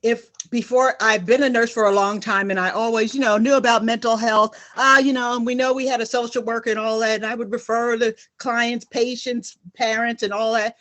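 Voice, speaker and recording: A woman's voice: fairly high pitch, fairly even intonation, a little fast, hardly any pauses, a bit bright. A middle-aged woman, a nurse, giving earnest, emphatic personal testimony on a panel and repeating her key phrases for weight. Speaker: nurse guest speaker.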